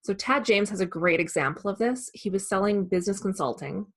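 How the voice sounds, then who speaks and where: Female sales coach, mid-range voice, steady explanatory presenter tone. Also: mid-range voice. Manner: calm, measured, explanatory. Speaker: sales trainer. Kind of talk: instructional presentation.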